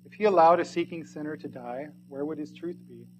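A man reading a sermon aloud in archaic English, earnest and pleading, swinging from loud to hushed. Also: a little high, a little fast, a little hiss or hum, rough recording.

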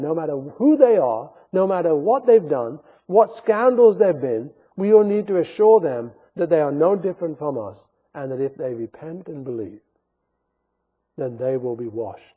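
A man's voice: fairly high pitch, slightly rough, narrow, tinny audio. A man preaching a sermon in an earnest, emphatic way, his voice rising sharply when he rebukes.

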